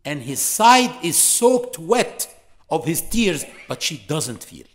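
A man's voice: a little high, very animated, takes it slowly. Man lecturing, storytelling with acted dialogue. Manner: storytelling, acts out dialogue, varied loudness. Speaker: Islamic lecturer.

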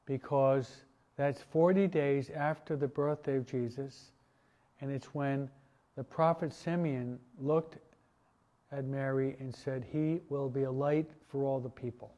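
A man, a priest, teaching a parish catechesis class in a relaxed, conversational way, asking his listeners questions. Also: mid-range voice, a little slow. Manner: conversational, asks the audience questions, many restarts and asides. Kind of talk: informal parish teaching talk.

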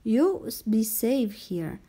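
A woman's voice: on the high side, very animated, slow, mellow, exaggerated voice. A woman voicing an earnest young boy who pleads for his pet in a children's storybook reading. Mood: hushed.

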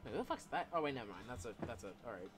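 A man's voice: medium pitch, big pitch swings, racing, background noise. A young man doing Let's Play commentary, swearing a lot and rambling with lots of fillers. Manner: reads game dialogue aloud in put-on voices. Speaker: gameplay YouTuber.

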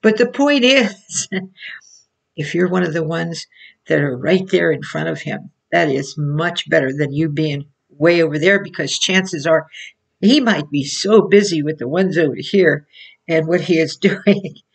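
A woman preaching in an informal sermon, telling her points as slow stories and laughing often between phrases. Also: low-pitched, vocal fry, slightly rough. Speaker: Christian teacher. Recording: voice from far off the mic.

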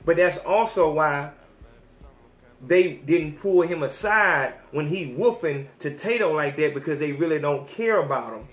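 A male podcast host on an animated, slangy rant full of swearing. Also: a little high, a little slow. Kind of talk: profane rant. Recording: roomy echo.

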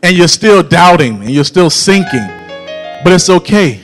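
A man preaching a sermon in a church, rising into a shouted, chanted whooping cadence and drawn-out phrasing. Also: high voice, animated, soft background music. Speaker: pastor. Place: church sanctuary.

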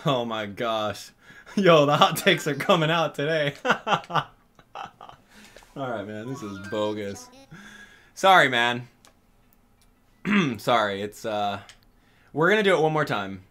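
A gaming channel host speaks directly to viewers during live game commentary, animated and exasperated. His voice is mid-range, and he talks slowly with long pauses.

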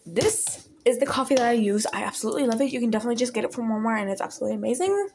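Young woman, casual kitchen chat, self-conscious, slightly high voice, faint background noise. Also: animated, rapid-fire. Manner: giggly, self-conscious rambling. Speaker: vlogger. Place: home kitchen, indoors.

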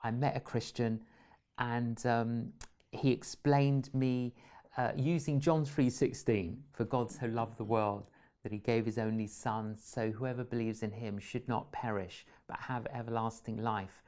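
A man's voice: mid-range voice, fairly even intonation, unhurried, a little mellow. A man hosting an interview, speaking hesitantly with frequent fillers while sharing and asking questions. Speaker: interview host. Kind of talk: interview chat.

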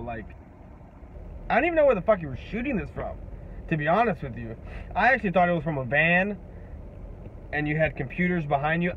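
A young man ranting to camera as a sports fan vlogger, profane and trash-talking. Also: on the high side. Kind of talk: heated sports rant to camera. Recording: dull lo-fi audio with faint background noise.

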